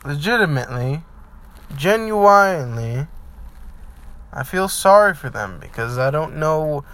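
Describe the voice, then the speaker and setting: A man's voice: on the high side, lively intonation, measured pace, fairly bright tone. A man speaking in an earnest motivational vlog monologue, heartfelt and rambling with fillers, then blunt and emphatic. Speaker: vlogger.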